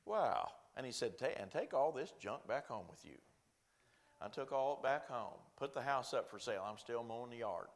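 A man's voice: mid-range voice, animated, moderate pace. Folksy man telling a sermon story. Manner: folksy, self-deprecating storyteller acting out quoted voices. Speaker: pastor.

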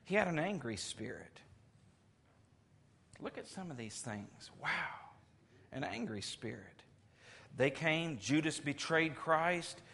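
Bright-voiced, animated male preacher. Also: slow, vocal fry, long pauses, husky. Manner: animated storytelling with big swings in pitch and volume. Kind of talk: sermon.

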